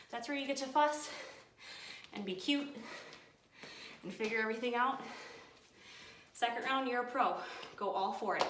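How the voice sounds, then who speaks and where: A woman's voice: a little high, a bit bright, slight background noise. A woman leading a home workout, upbeat and coaching, counting down each set, recorded by a camera set some distance away in an echoey room. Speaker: fitness instructor. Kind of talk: guided home workout instruction. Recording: echoey room, mic far from speaker.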